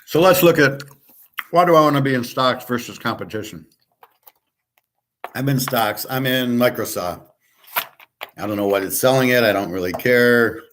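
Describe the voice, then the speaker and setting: A man's voice: mid-range voice, normal speed, pauses often, a bit bright, slight background noise. Blunt, profane man rambling casually. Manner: opinionated, sarcastic. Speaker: host giving market and poker tips. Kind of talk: casual solo monologue.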